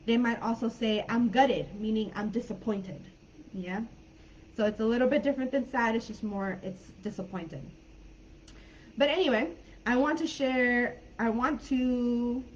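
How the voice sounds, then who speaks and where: Woman, American accent from California, English teacher, online class, chatty, higher voice, muffled webcam sound. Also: slight background noise. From California, United States. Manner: chatty and informal, with many fillers.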